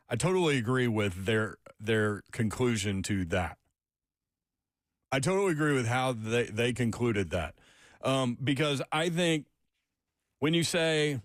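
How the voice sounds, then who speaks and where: Man, radio host, excitable, laughs a lot, dry studio sound. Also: mid-range voice, normal speed, no room sound. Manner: excitable, gets worked up, laughs often. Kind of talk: casual sports talk radio. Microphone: studio microphone.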